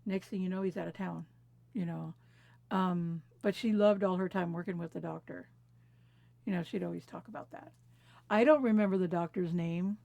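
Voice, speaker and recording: A woman in her fifties from California telling family memories in a reflective, unhurried way, laughing softly at times. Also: fairly low pitch, fairly even intonation, vocal fry, no echo, lo-fi sound. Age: 50s. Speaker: interviewee. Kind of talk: personal storytelling conversation. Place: quiet recording booth.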